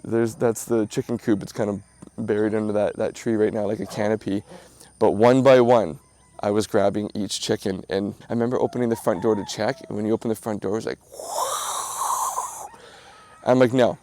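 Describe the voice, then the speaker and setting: A man's voice: lowish voice, steady tone, normal speed, a little mellow. A man hosting a casual vlog, telling a story in a chatty, rambling way with lots of fillers and restarts, outdoors at his hillside home. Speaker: vlog host.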